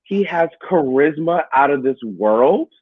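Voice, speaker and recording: A man, a wrestler, talking in a casual interview, telling animated stories and laughing along the way. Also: fairly high pitch, a little slow, no room sound, narrow, tinny audio. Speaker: wrestler guest.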